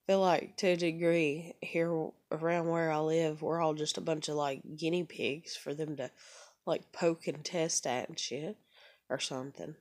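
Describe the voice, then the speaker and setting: A woman's voice: low-pitched, fairly even intonation, measured pace, a little mellow. A woman telling a story in a casual vlog rant, swearing often and acting out the people she quotes. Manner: profane, exasperated, quotes people in raised voices. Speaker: vlogger.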